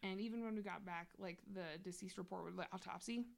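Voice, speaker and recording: A woman's voice: on the low side, quick pace, creaky. A young adult woman telling a personal story in casual chat, candid and slangy, swearing freely.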